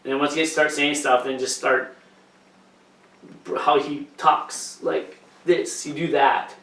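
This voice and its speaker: A man's voice: on the high side, little pitch movement, takes it slowly, a bit bright. A man co-hosting a podcast who rambles and swears a lot in casual chat. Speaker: podcast co-host. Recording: echoey room, mic from a distance.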